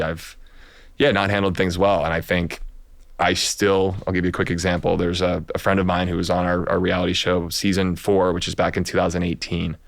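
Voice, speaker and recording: A man hosting a podcast, talking openly and a little haltingly about his own past mistakes. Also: low-pitched, gravelly, no room sound. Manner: candid, halting, confessional. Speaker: podcast host. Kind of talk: conversational podcast interview.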